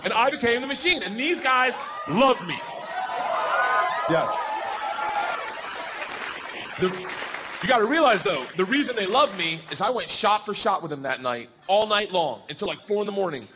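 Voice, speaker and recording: A man doing loud, animated stand-up storytelling on a comedy club stage. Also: high voice, normal speed, long pauses, a loud crowd. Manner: loud, animated, bursts into shouting. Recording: noisy live comedy club recording.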